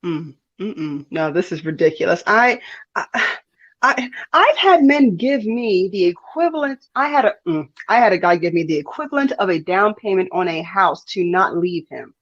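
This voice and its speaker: A woman's voice: fairly low pitch, big pitch swings, normal speed. A woman reacting with incredulity in casual commentary, often laughing. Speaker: panelist. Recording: dull lo-fi audio.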